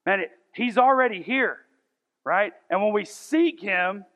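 A man's voice: high-pitched, expressive, unhurried, fairly bright tone. A man in his thirties preaching a conversational sermon to a church congregation, asking the room rhetorical questions. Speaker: pastor. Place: church sanctuary. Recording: dull sound with long hall reverb.

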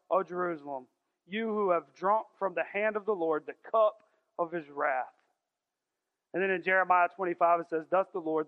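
A man, preaching a folksy, emphatic sermon to a church congregation and slowing down for scripture. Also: sits high. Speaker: pastor. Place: large church sanctuary. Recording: thin phone-like sound in a reverberant hall.

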